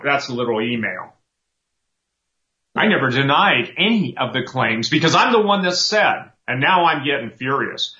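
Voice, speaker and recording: A man's voice: mid-range voice, big pitch swings, normal speed, bright, forceful tone. A man hosting a talk show, delivering impassioned preaching commentary in a fervent, emphatic way that often repeats itself. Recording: roomy, dull lo-fi sound.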